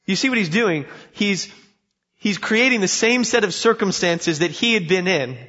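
A man's voice: sits high, lively intonation, normal speed, bright, forceful tone. Preaching man in an echoing hall. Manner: storytelling, emphatic, asks the listeners questions. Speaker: pastor. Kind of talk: sermon. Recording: dull sound in a reverberant hall.

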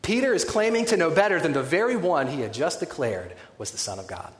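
A man preaching a sermon in a conversational, animated way, with wry humorous asides. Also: fairly high pitch, a little fast. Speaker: pastor. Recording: echoey hall with long reverb.

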